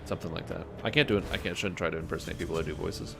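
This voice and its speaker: Low-voiced streamer rambling over music. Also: male voice, fairly even intonation, racing, gravelly. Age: 20s. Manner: rambling, swearing, talks to himself and chat. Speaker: game streamer. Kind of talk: casual gaming commentary. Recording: music playing behind.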